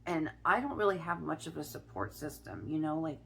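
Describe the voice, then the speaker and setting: A middle-aged woman from Ohio telling a personal story in a chatty vlog, often restarting her sentences and filling pauses. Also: low-pitched, very animated, creaky, fairly bright tone, a little hiss or hum. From Ohio, USA. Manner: chatty, with many restarts and fillers. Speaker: spiritual vlogger.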